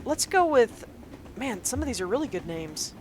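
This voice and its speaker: A woman chatting casually as a player in a tabletop game, laughing often and breaking into quick asides. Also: on the high side, big pitch swings, a little hiss or hum.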